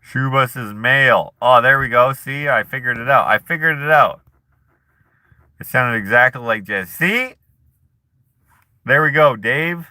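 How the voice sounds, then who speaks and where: A man's voice: mid-range voice, measured pace, pauses often, sharp tone, no room sound. A man hosting a casual live chat who reads viewer comments aloud and jokes and laughs at himself in a laid-back way. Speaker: streamer host.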